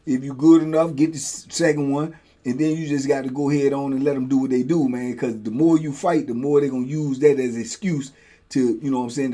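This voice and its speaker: A middle-aged man telling a prison story in casual talk. He acts out the guards and himself in loud high bursts and drops low and quiet for asides. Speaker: storyteller host.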